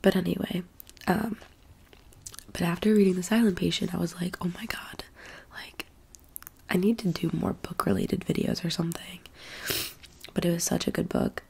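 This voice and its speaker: A young woman who is sick with the flu, talking in a soft-spoken, half-whispered ASMR ramble full of fillers. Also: fairly low pitch, gravelly, breathy edge. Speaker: ASMR channel host.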